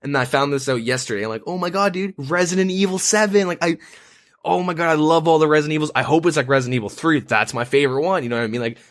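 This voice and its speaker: A man's voice: medium pitch, racing, no room sound, studio quality. A man co-hosting a podcast, telling a story in casual banter, profane and rambling with lots of fillers. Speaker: podcast co-host.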